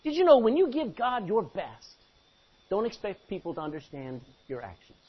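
A man's voice: high-pitched, wildly swooping pitch, normal speed, breathy edge. A man preaching a sermon, exhorting the congregation with rhetorical questions, in a muffled lo-fi recording. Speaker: pastor.

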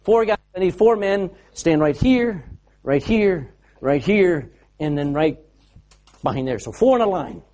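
A man's voice: high voice, expressive, a little slow, warm tone. A man preaching a sermon to a live audience, fervent and exhorting, calling people to action. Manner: fervent, exhorting, directs volunteers on stage.

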